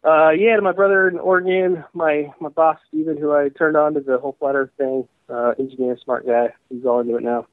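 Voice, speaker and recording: A man's voice: fairly high pitch, fairly even intonation, fairly quick, few pauses, no room sound. A man calling into a radio show and chatting casually and agreeably with the host. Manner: casual, agreeable, laughs easily. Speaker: caller. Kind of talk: phone call-in conversation. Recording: tinny dry phone line.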